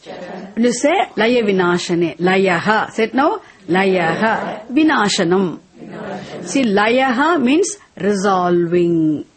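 A woman giving a spiritual text class, explaining word meanings slowly and having students repeat each word after her. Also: mid-range voice, expressive. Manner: slow, repetitive teaching, has students repeat words. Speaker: teacher.

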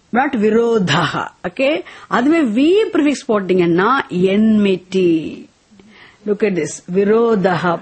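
Husky woman teaching Sanskrit. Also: medium pitch, darkish tone. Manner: slow deliberate explaining, switching into Tamil and chanting verses. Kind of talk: class lesson with call-and-response recitation.

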